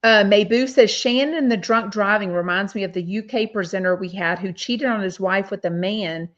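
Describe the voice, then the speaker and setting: Woman host, casual gossipy chat, filler-heavy, mid-pitched, lo-fi mic. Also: normal speed, fairly bright tone. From Texas. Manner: chatty, reads viewer comments aloud, many fillers. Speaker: podcast host. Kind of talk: casual chat reading live comments.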